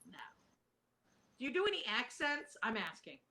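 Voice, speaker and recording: A woman's voice: fairly high pitch, big pitch swings, moderate pace, pushed and bright, rough recording. A woman hosting a casual live stream, talking in a bubbly way, swearing casually and laughing often. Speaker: host.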